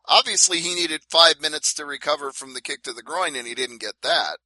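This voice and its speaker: A man's voice: fairly high pitch, fairly quick, pushed and bright, rough recording. A man co-hosting a casual fight-sports podcast, laying out events step by step with emphasis. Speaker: podcast co-host. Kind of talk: casual MMA talk.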